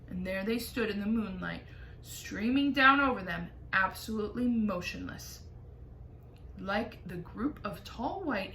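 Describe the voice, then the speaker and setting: A woman teacher reading a chapter book aloud with lively storytelling. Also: medium pitch. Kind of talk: expressive read-aloud. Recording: echoey room, faint noise.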